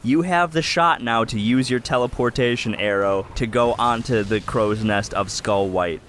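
A man's voice: mid-range voice, moderate pace, fairly bright tone, slight background noise. A man running a tabletop game as game master, narrating the scene in vivid detail. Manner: vivid descriptive storytelling.

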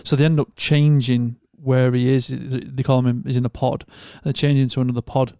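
A male podcast co-host with a Northern English accent and a gravelly mid-range voice tells a long story at a moderate pace in casual, sweary chat. He animatedly acts out the people in it with quoted voices, and the studio-quality audio is clean with no echo.

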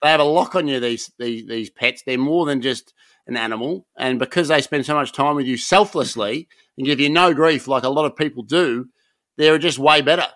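A man with an Australian accent co-hosting a podcast, teasing and animated, swearing casually. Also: mid-range voice, moderate pace, no room sound, clean studio sound. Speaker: podcast co-host.

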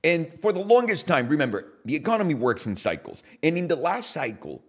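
A man hosting a podcast, giving an animated, casual opinion monologue with swearing and jokey asides. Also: a little high, fairly quick. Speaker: podcast host.

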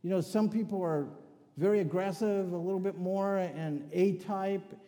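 An older male preacher delivers a sermon, leaning on family anecdotes and dry joking asides. His voice is mellow and sits a little high. The sound rings with a long hall reverb. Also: moderate pace.

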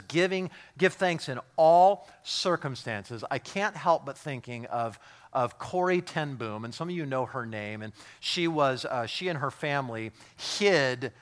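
A man preaching a sermon, telling stories in a hushed voice and then building to loud, emphatic exhortation with repeated words. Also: medium pitch. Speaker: pastor.

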